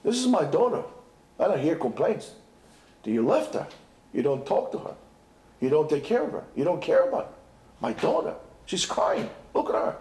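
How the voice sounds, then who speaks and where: A man's voice: a little high, very animated, moderate pace, long pauses, mellow, echoey room, voice pushed down. A man voicing a stern, angry king who scolds his son-in-law in a demanding way. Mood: scolding.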